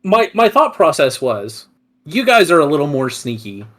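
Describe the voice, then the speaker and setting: A man's voice: fairly high pitch, sing-song, normal speed, fairly bright tone. Earnest young man, a tabletop player. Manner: earnest, explains his reasoning. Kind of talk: casual chat about a tabletop game.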